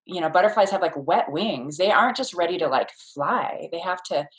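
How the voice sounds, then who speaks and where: Low-voiced woman explaining thoughtfully. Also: expressive, moderate pace, rough recording. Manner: thoughtful, explanatory, many fillers and restarts. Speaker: childbirth educator, guest. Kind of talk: casual interview conversation.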